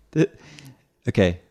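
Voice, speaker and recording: A man narrates a video commentary extremely slowly in a darkish tone. He explains things step by step, methodically and sarcastically, often repeating words.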